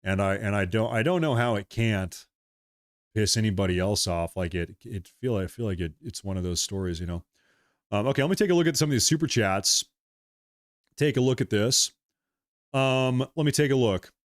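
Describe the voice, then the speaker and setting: A man's voice: fairly low pitch, normal speed, dry recording. Man, livestream host, casual rambling chat, repeats himself, dry close sound. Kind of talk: casual livestream chat reading super chats.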